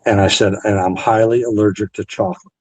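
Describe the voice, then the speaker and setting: A man's voice: lowish voice, fairly even intonation, quick pace, dry recording, poor audio. Dry-voiced veteran man telling stories. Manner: retells conversations, quoting both sides. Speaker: Navy veteran guest. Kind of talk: storytelling interview.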